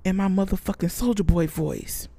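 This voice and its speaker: A woman's voice: fairly low pitch, normal speed, vocal fry, dark tone, no echo. A woman hosting a casual podcast, answering a listener letter and telling a brash, profane comic story full of sound effects. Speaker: podcast host.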